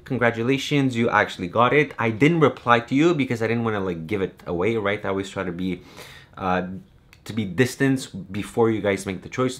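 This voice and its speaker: A man's voice: on the low side, fairly bright tone. A young man from Romania, a YouTube creator talking casually to his viewers in a chatty, rambling way with lots of fillers. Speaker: YouTube creator and game master. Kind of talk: casual vlog talk to viewers.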